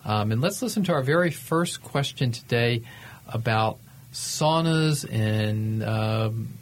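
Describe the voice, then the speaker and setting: A man in his fifties co-hosts a health talk show on the radio. His voice sits at mid pitch, and he talks loosely and conversationally, with ums and restarts along the way. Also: expressive, slow pace, slight background noise. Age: 50s. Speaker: co-host, physician.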